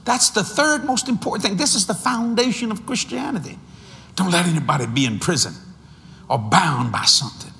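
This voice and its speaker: A man in his sixties preaches a sermon, telling stories with animation, breaking into sudden shouts and slowly drawing out key phrases. His voice sits high and creaky, and the recording has a big-room sound with a little hiss or hum.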